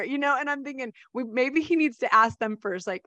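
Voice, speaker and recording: A woman's voice: high-pitched, lively intonation, fairly quick, bright, forceful tone, dry recording. A middle-aged woman hosting a podcast, chatting casually with her guest, laughing often and saying "like" a lot. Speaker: podcast host. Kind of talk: casual interview chat.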